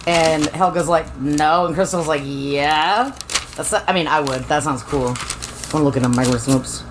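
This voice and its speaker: A woman's voice: low-pitched, steady tone, background noise. A woman co-hosting a podcast, recapping a book in casual chat with a laid-back manner. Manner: laid-back, quotes characters in quick asides. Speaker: podcast co-host.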